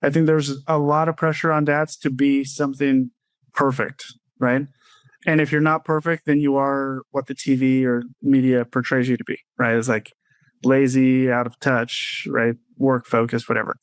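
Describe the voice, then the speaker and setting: A man's voice: mid-range voice, little pitch movement, moderate pace, clean tone, no echo. Thoughtful male guest, dry close sound. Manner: thoughtful, explanatory, frequent "right?" tags. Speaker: guest, clinical social worker and parenting coach. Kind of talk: casual conversational interview.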